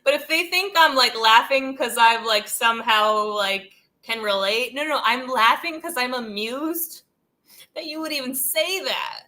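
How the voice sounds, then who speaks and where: A woman hosts a channel with casual commentary, rambling loosely, laughing between thoughts and leaning heavily on "like" and "dude." Her voice is a little high and sharp, delivered at a measured pace.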